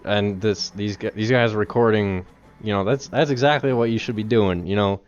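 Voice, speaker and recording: A man hosting a casual talk show, chatting in a relaxed, conversational way with many fillers. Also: fairly low pitch, moderate pace, dull audio. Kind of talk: casual chat.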